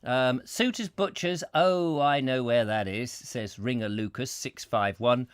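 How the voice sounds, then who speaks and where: A man's voice: medium pitch, measured pace, hardly any pauses, smooth. A man hosting a comic chat show, rambling playfully and making puns. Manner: playful, punning, slips into silly voices. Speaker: host.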